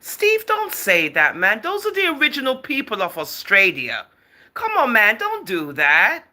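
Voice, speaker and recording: Livestream host, woman, chatty and teasing, with a bright voice that swoops up and down; laughs a lot and answers comments as they come. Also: a little high, wildly swooping pitch, measured pace. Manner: chatty and teasing, often laughing, calls viewers darling and girl. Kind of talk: casual livestream chat, reading out viewer comments.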